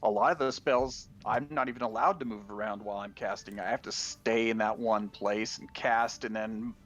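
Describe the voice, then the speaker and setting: A man's voice: fairly low pitch, steady tone, moderate pace, a bit bright, highs cut off. A man co-hosting a gaming podcast, talking casually and rambling, with frequent restarts. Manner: rambling, restarts often, laughs while talking. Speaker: podcast co-host.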